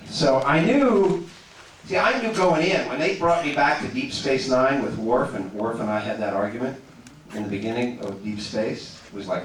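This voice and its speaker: A man, an actor, telling animated stories and answering audience questions on a panel, repeating words and laughing often. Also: fairly low pitch, slight background noise. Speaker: actor as convention panel guest. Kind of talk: anecdotes and audience Q&A. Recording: echoey hall from far off.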